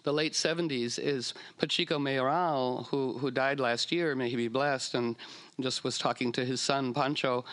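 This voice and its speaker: A man spins a story casually and loosely, wandering off track with frequent fillers and restarts, and playfully putting on silly voices for whales. His voice is medium-pitched and a bit bright, with a steady tone and moderate pace.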